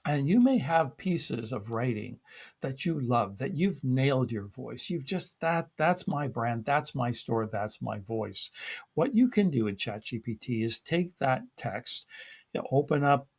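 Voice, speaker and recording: A man leading a live workshop, explaining things step by step in a relaxed, conversational way with plenty of fillers. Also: medium pitch, a little slow, slightly rough. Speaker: workshop presenter.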